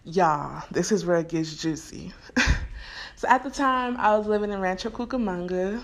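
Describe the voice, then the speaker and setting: Speaking in a mid-range voice at a moderate pace, this vlogger is a woman in her twenties from California. Looking straight into the camera, she shares a personal story in a candid storytime monologue, laughing often as she talks in a frank, slangy way.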